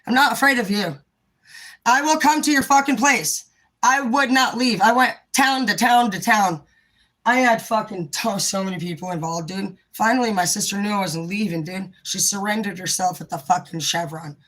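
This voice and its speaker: Fired-up woman ranting, bright and forceful. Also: mid-range voice, normal speed, rough recording. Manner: heated, profane, blunt. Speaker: vlogger. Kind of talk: impassioned direct-to-camera rant.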